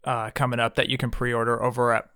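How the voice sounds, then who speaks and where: A man co-hosting a casual podcast chat, easygoing and quick to laugh. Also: mid-range voice, flat delivery, sharp tone, smooth, no room sound, clean studio sound. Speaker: podcast co-host.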